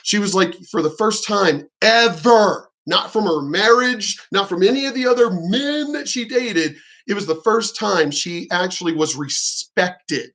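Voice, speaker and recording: A man's voice: sits high, measured pace, hardly any pauses, fairly bright tone. A middle-aged man vlogging, telling a frank, profane and rambling story about his sex life. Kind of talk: candid storytelling monologue.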